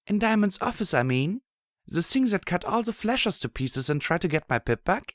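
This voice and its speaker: A tough, blunt young mare from the wasteland, her voice pitched well up and swinging widely, as a man puts her on for an audiobook. She sounds eager and quick to shout, recorded dry with soft music beneath. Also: very animated, no echo. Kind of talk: audiobook character voice.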